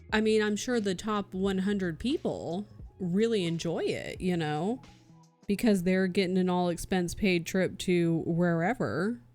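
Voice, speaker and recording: A woman streamer chatting casually and swearing freely while she does cross stitch and reads her chat. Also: lowish voice. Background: soft background music.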